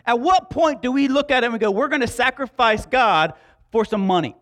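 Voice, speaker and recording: Man, very high voice, preacher, dramatic storytelling, acts out dialogue, shouting at peaks. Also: lively intonation, moderate pace, no echo. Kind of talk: sermon.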